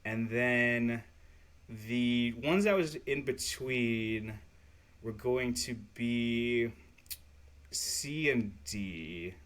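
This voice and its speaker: A man co-hosting a sports podcast, chatting casually and excitably, swearing and laughing often. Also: mid-range voice, drawn-out words. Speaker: podcast co-host.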